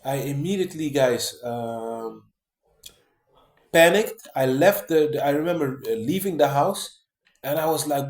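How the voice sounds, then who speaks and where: A man's voice: a little high, unhurried, a little mellow, echoey room. A man talking casually to his viewers in a rambling way, full of fillers, restarts and "man" and "guys". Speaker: vlogger. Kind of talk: casual monologue to camera.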